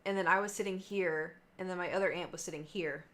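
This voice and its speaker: A woman's voice: lowish voice, fast. A woman in her late twenties, a live streamer, telling stories in a casual, chatty way with lots of fillers and asides. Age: late 20s. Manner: chatty, animated, many fillers and trailing asides. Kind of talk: casual storytelling chat.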